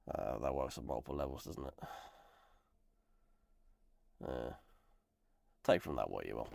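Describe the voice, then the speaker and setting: A man with a cold, talking in a croaky, gravelly voice as he chats casually and rambles through a live stream. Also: extremely low pitch, brisk, long pauses, a little mellow, no echo. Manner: rambling, self-deprecating. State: hoarse from a chest infection. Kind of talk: casual live-stream chat while building.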